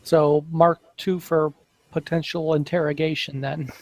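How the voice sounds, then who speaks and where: A man playing a tabletop game, reasoning through his character's options out loud. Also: a little high, level tone, measured pace, poor audio. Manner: thinking aloud, analytical. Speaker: player.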